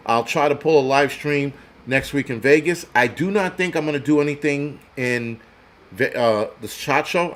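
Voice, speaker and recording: A man's voice: mid-range voice, slight background noise. A man hosting a livestream, ranting bluntly and profanely with lots of fillers. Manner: blunt, profane, swaggering rant with many fillers. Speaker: host.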